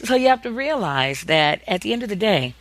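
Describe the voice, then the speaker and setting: A man's voice: sits high, sing-song, brisk, fairly bright tone, low-quality recording. A man with a Southern American accent gives an explanatory monologue about accents, shifting into regional accents to demonstrate them. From Southern United States.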